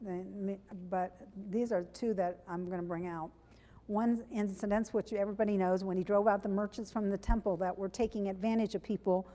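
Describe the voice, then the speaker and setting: A woman preacher with a mellow, mid-range voice gives a sermon in a church sanctuary, the sound carrying a long church reverb. She talks plainly and conversationally, often correcting herself mid-sentence.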